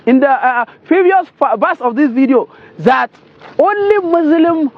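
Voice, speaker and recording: A Nigerian man commenting on a clip, translating it line by line and scolding indignantly. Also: very high voice. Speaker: political commentator. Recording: dull lo-fi sound.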